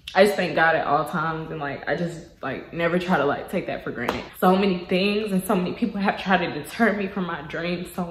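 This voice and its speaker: A woman's voice: lowish voice, reverberant. A young woman telling her own story in a casual vlog, chatty and full of "like" and "y'all," close to tears. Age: young adult. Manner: chatty, heavy use of "like" and "y'all". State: tearful, holding back crying. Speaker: vlogger.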